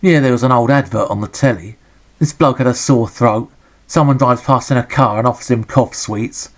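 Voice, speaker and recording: A man's voice: mid-range voice, moderate pace. An English man giving a sarcastic, grumbling, joke-filled running commentary as he reviews a retro game.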